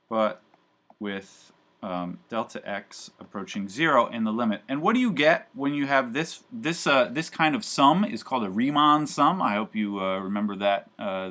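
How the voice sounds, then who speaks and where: Male professor lecturing a live class; lowish voice, loose chatty delivery full of ums and asides. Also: fairly bright tone. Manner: casual, chatty, many fillers and asides. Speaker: university math professor.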